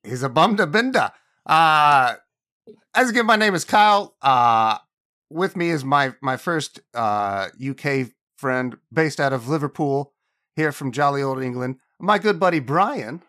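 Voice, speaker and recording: Lively, bright-voiced podcast host. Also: male voice, medium pitch, measured pace. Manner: joking, playful, animated. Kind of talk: casual podcast chat.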